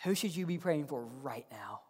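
A male pastor preaches in a church, swinging from loud, emphatic calls to hushed near-whispers and repeating words to drive each point home. His mid-range voice is animated with a breathy edge, at normal speed, and it rings through a long, echoing church hall.

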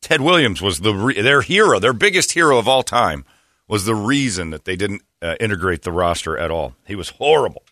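A man's voice: on the low side, very animated, a little fast, bright, forceful tone, dry recording. A man hosting a morning radio show, ranting and mocking in casual banter. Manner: brash, mocking, ranting, slips into put-on voices. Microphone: studio microphone. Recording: dry studio sound.

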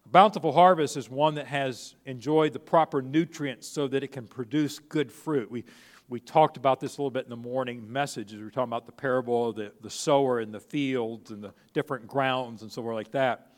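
In a big-room sound, a middle-aged pastor delivers a sermon at a brisk pace and medium pitch. His style is conversational, with frequent restarted phrases and acted-out quotations.

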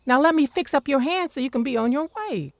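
A woman's voice: sits high, quick pace, dry recording, natural voice. An actress playing a suspicious, reclusive woman who gives blunt orders, in an audio drama. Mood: curt. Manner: curt, commanding, dry put-downs.

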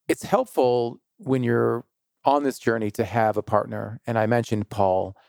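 A man hosting an interview, asking long, measured questions with several parts. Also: medium pitch, gravelly, darkish tone, no echo, studio quality. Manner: measured, asks long multi-part questions. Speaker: interview host.

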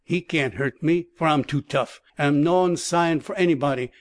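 A man voicing a rough, good-hearted ex-circus man in a rustic Cockney-mixed dialect, drawling and blunt. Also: fairly high pitch, normal speed, dry recording, studio quality, close to an everyday voice. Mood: confiding. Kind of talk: audiobook character voice.

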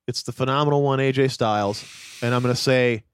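A man's voice: medium pitch, steady tone, brisk, clean tone, dry recording. Man giving emphatic, opinionated takes. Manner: opinionated and emphatic, swears casually. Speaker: podcast co-host. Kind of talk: casual chat.

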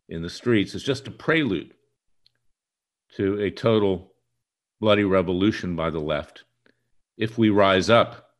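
A man hosting a political monologue, talking in a combative, accusatory and emphatic way. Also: sits low. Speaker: political commentary host. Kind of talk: direct-to-camera political monologue.

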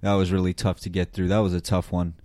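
A man with a low, dark voice hosts a casual podcast, joking and playful. He hypes each segment with easy enthusiasm. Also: little pitch movement, quick pace, dry recording, studio quality. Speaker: podcast co-host. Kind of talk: casual chat.

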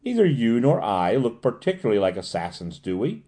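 A man reading the part of a polite, learned professor in an audiobook, gentle and formal. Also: medium pitch, big pitch swings, a little fast, lightly acted. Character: courteous learned male professor.

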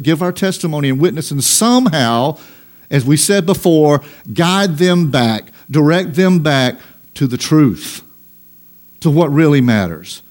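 A man delivers a sermon with a voice pitched a little high. He reads scripture aloud and then presses his points with emphatic stresses. He slows right down on the lines he wants to land. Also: darkish tone. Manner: preaching with emphatic, rising stresses and slow drawn-out lines; reads scripture aloud in old-fashioned wording. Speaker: pastor.

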